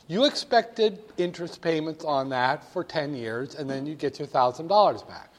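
Male lecturer, animated and joking, a little high-voiced, echoing in a lecture hall. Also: moderate pace, hardly any pauses. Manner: animated, jokey, addresses students directly. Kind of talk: classroom lecture. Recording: long hall reverb.

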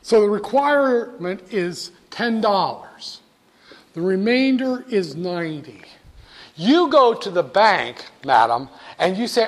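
A man with a notably high voice gives a classroom lecture. He is jokey and animated, and he talks straight to his students as he explains. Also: takes it slowly. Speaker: instructor.

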